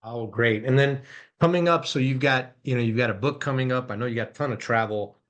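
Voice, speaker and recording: A man's voice: mid-range voice, fairly quick, a bit bright. A man hosting a podcast, casual and upbeat, tagging his points with "right?". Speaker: podcast host. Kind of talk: podcast interview.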